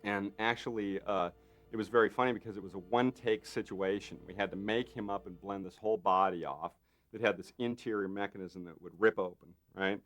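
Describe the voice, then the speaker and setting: A man, a special effects artist, telling lively stories in an interview, acting out the quotes and tagging lines with "right?". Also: on the low side, brisk. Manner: lively storyteller who acts out quotes; frequent fillers and tag questions. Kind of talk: anecdotal interview.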